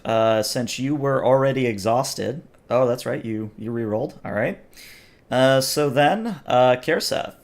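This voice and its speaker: A man narrating as game master of a tabletop role-playing game, with slow, deliberate descriptions. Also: medium pitch.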